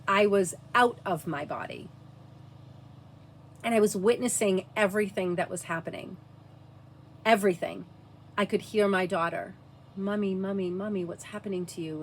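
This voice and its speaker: A woman telling a personal story to camera, earnest and halting, dropping to a hushed near-whisper at times. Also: mid-range voice, slight background noise. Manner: earnest, frequent "like" fillers.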